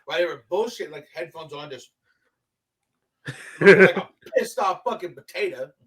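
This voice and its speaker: A man chatting casually and telling stories, animated and profane, acting out what people said. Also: fairly high pitch, moderate pace. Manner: animated storyteller, swears a lot, acts out quotes loudly. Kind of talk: casual chat.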